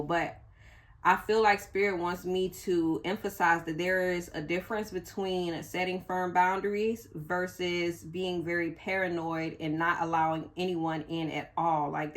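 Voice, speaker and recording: A woman reading tarot cards for viewers in a casual, emotional way, cursing freely as she goes. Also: low voice. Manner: blunt, emotional, curses freely. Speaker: tarot reader.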